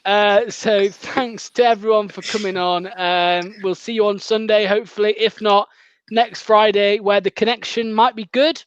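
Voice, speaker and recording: Young male host, chatty and rambling, high voice, dull dry call audio. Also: fairly even intonation, moderate pace, clear, resonant tone, no echo. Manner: chatty, jokey, rambling with many fillers. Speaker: fan show host. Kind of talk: casual chat.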